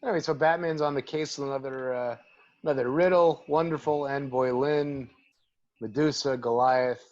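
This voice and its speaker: A man's voice: mid-range voice, steady tone, normal speed, a little mellow. Male guest, keen detail-spotter, casual chat, slightly muffled lo-fi audio. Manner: enthusiastic, points out details he likes. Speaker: podcast guest. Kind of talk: casual comic book discussion.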